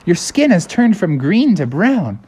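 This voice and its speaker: A man voicing an excitable young frog in a bedtime story, talking high and breathless. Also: measured pace, breathy edge, full character voice. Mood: eager. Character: excitable young male frog, eager and curious.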